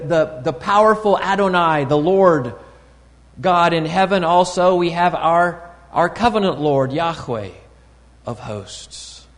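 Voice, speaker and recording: A man preaching a sermon in a deliberate teaching tone, pausing often and restarting phrases. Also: on the high side. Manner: deliberate, teaching tone with pauses and fillers. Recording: long reverb of a hall.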